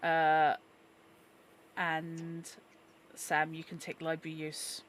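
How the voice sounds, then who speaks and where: A woman running a tabletop horror game as game master, chatty and quick to correct herself and apologise. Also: deep voice, completely flat delivery, fairly bright tone.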